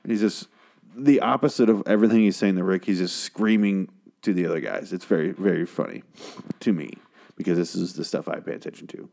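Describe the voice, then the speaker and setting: A man talking in a hushed way late at night at home, casually recapping a TV episode and swearing often. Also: deep voice, brisk, vocal fry. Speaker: show recapper. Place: home at night, a girlfriend asleep in the next room.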